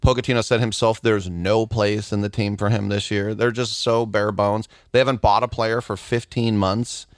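A middle-aged man co-hosting a podcast, chatting excitably about sports in a rambling way. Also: fairly low pitch, moderate pace, hardly any pauses, no room sound, clean studio sound. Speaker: podcast co-host. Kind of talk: casual sports chat.

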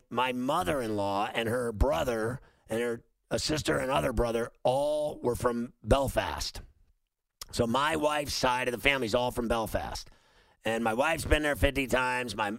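A middle-aged man, hosting a talk show and spinning a loose, rambling story. His voice has a gravelly fry, at a middle pitch for a man. The sound is dry and close. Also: no echo, low-quality recording. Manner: rambling, animated, with many fillers and restarts. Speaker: radio show host. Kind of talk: casual storytelling.

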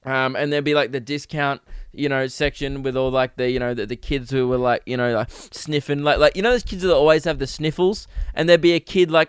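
A man's voice: medium pitch, fairly even intonation, fairly quick, clear, resonant tone, no room sound, clean studio sound. A man with an Australian accent hosting a comedic podcast, rambling crudely and jokingly, often slipping into mock voices. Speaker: podcast host. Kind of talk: comedic solo podcast rant.

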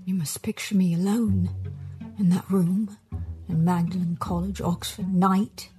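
A woman doing a put-on British accent to voice a reflective older male scholar, reading slowly and solemnly with long pauses. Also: lowish voice, fairly even intonation, voice pushed down, natural voice. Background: music.

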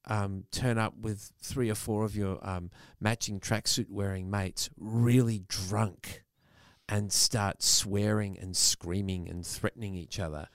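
A middle-aged man co-hosting a comedy podcast, telling a story in a mock-grumpy, animated way. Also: lowish voice, slow pace, no echo, studio quality. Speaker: podcast co-host. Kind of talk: casual comedic chat.

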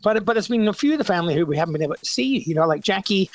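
A man's voice: high-pitched, animated, racing, no room sound. A man in his sixties with an Australian accent, a musician chatting as a guest on a radio interview, eager and rambling with many restarts.

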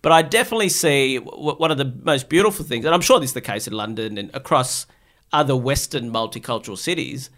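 A man's voice: medium pitch, expressive, fast, fairly bright tone. A middle-aged man from Bangladesh, a guest in a casual chat, talking in thoughtful, reasoned points. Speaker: guest psychiatrist.

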